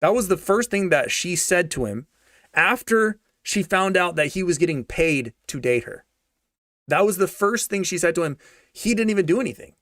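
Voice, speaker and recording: A man's voice: sits high, animated, normal speed, fairly bright tone, no room sound, studio quality. A young man giving a sarcastic, slangy rant of a movie review, repeating himself for emphasis. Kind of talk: ranting casual movie review.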